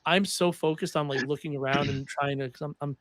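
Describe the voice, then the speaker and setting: A young man hosting a podcast, chatting casually and telling animated stories with some swearing. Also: a little high, a little fast, slight background noise. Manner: animated storyteller, swears freely. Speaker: podcast host. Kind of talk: casual chat.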